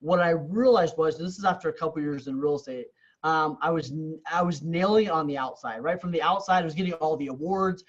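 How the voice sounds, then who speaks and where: On the high side and brisk, a man speaks through lo-fi sound. The real estate coach, a podcast guest who grew up in Canada, tells his story with earnest candor, frequently repeating words as he restarts.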